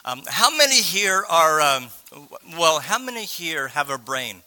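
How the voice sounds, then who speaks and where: Guy preaching a sermon, kinda sore voice, stops and restarts a lot, really bright sharp tone. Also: fairly high pitch, sing-song. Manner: halting, with frequent pauses and restarts. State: slightly sore voice. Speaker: guest speaker.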